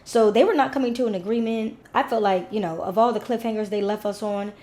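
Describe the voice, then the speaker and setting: A woman's voice: mid-range voice, fast, mellow. A young woman chatting casually as a recap vlogger, rambling with asides to her viewers.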